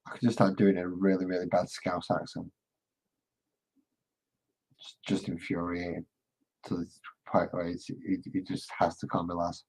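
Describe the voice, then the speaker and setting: A man with a deep, slightly husky voice talks casually to his live-stream viewers as he paints. He rambles from one thought to the next and jokes with the chat. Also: completely flat delivery, moderate pace, pauses often, a little mellow, poor audio. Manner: rambling, joking, chats with viewers.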